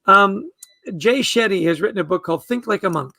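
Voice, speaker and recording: A man's voice: high-pitched, expressive, fairly quick, gravelly, bright, forceful tone, dry recording. A man who is a guest author, talking earnestly in a podcast interview and often repeating words as he starts a thought.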